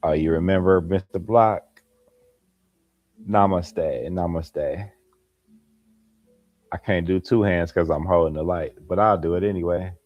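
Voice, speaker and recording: A man's voice: sits low, steady tone, fairly quick, no echo, highs cut off. A man hosting a late-night livestream, chatting casually with viewers by name and laughing often. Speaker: livestream host. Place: home at night, holding a light.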